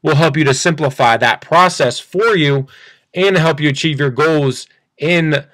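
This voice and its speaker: A man teaching a sales pitch in an upbeat, repetitive way, acting out both sides of a phone call. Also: measured pace, a bit bright, no room sound. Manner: upbeat, repeats phrases, acts out phone dialogue. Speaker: sales coach. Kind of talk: screen-share training talk.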